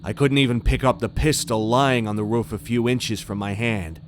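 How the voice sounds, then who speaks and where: A man narrating a first-person horror story in a tense, steady way. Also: mid-range voice, normal speed, slight background noise. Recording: faint music underneath.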